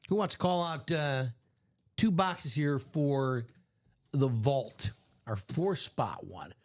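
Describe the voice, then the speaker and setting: Slow-paced and mid-range in pitch, this man runs a live sports card break stream. His casual talk wanders and doubles back on itself, and he laughs at his own anecdotes.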